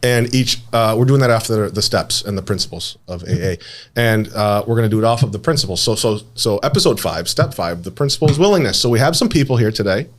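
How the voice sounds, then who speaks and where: A man's voice: on the low side, expressive, quick pace. A man hosting a recovery podcast, joking and playful as he introduces his guests in casual chat. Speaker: podcast host.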